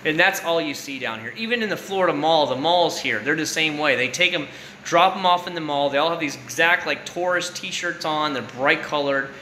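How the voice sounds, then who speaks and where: A man's voice: a little high, normal speed, sharp tone. A man in his thirties, hosting a late-night livestream and chatting casually with his viewers. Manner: rambling, casual, chats with viewers by name. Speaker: livestream host. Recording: roomy echo with faint room noise.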